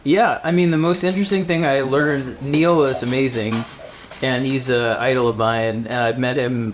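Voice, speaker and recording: A man speaking as a comic book writer on a live panel, animated and rambling, laughing between thoughts. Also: mid-range voice, slight background noise. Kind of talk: casual live panel talk. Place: live event before an audience.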